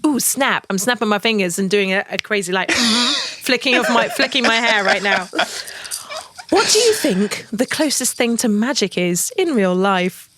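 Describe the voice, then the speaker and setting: Woman, podcast host, bright voice, lively, giggly, dry sound. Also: mid-range voice, moderate pace, dry recording. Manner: chatty, giggly, enthusiastic. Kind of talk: casual interview chat.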